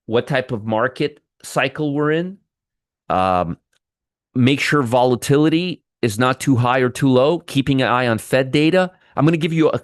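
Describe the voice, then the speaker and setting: A man's voice: mid-range voice, no echo. Man, trading show host, wry, sarcastic, live market commentary, dry sound.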